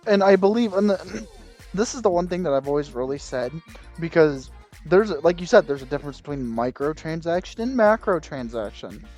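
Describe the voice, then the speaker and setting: A man's voice: fairly high pitch, lively intonation, a little fast, a little mellow, faint music behind. A man co-hosting a gaming podcast in casual chat, rambling, losing his thought and swearing mildly. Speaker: podcast co-host.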